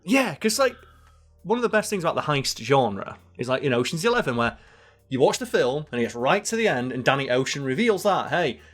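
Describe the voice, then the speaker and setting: A man co-hosting a podcast, talking in an excitable, animated way and swearing freely in casual chat. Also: a little high, fairly quick, soft background music. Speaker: podcast co-host.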